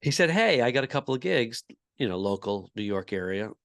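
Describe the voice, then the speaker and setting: A man co-hosting a comedy podcast, telling rambling, relaxed anecdotes that often trail off into quieter asides. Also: medium pitch, fairly quick, gravelly, no echo, clean studio sound. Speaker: podcast co-host, comedian and voice actor. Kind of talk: casual comedy podcast chat.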